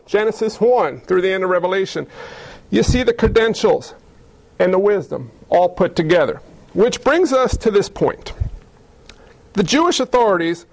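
High-voiced man preaching a folksy sermon. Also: creaky. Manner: folksy and conversational, acting out quick voices. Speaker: pastor.

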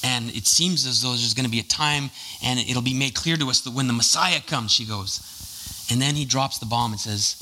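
A man's voice: medium pitch, normal speed, pushed and bright, slight background noise, rough recording. A man preaching a casual, conversational sermon, full of jokey asides and fillers.

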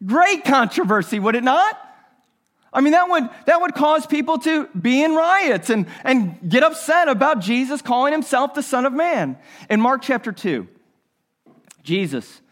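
A man's voice: very high-pitched, fairly bright tone. A male pastor preaching a sermon, repeating his phrases and asking the listeners rhetorical questions.

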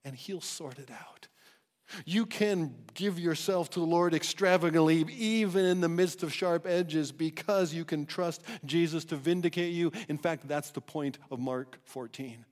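A man preaching a sermon as pastor, emphatic and animated, often restarting his phrases. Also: on the high side, measured pace, in a large hall. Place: church sanctuary.

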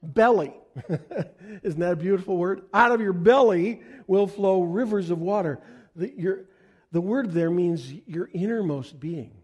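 A male pastor with a high voice delivers an earnest sermon to his church. He swells to loud, emphatic peaks at key lines. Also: unhurried, slightly rough.

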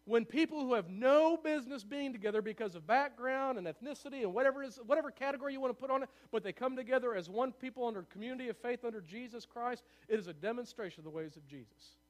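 This male pastor's sermon comes in a strikingly high pitch and a rapid, excitable delivery. Standing in the church sanctuary, he repeatedly asks his listeners to agree with him.

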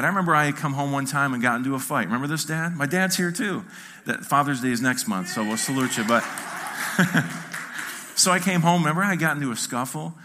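A middle-aged man preaches to his congregation in a church, slipping into funny stories and acting out what each person said. His voice sits a little high and rings bright and forward. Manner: animated, jokey storytelling with acted-out quotes. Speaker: pastor. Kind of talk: storytelling sermon.

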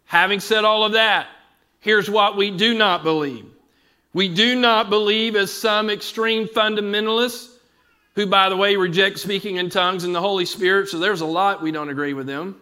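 Bright, high-voiced man preaching slowly. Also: fairly even intonation, clean tone. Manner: measured, explanatory, asks the congregation questions. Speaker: pastor. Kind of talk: evening Bible teaching sermon.

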